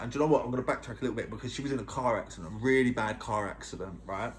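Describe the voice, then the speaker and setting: A man's voice: mid-range voice, very fast, hardly any pauses, a little hiss or hum. A man earnestly telling his own story in a casual vlog, emphatic and often checking in with the listener.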